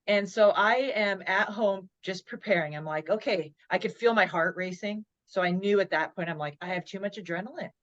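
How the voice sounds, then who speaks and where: Woman in her forties, podcast guest, lively storyteller who voices her own inner dialogue; mid-range pitch, slightly muffled lo-fi sound. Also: normal speed, hardly any pauses. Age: 40s. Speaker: podcast guest, motivational speaker. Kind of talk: storytelling in an interview.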